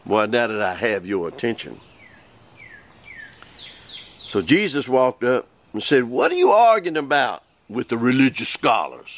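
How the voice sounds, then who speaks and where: Folksy sixties preacher with gravelly voice. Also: male voice, medium pitch, very animated. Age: 60s. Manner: folksy, drawling, slows down to read scripture. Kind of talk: folksy sermon reading scripture.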